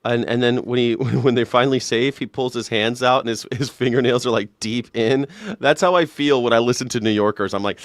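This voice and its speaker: A man's voice: medium pitch, steady tone, a little fast, hardly any pauses, dry recording. Man, live show host, sarcastic ranting, profane, dry recording. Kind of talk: ranting reaction commentary.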